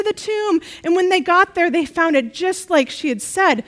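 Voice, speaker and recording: A woman leading a children's talk in a church service, telling a story in a playful, animated way and getting the kids to repeat refrains. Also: very high-pitched, normal speed, few pauses, low-quality recording.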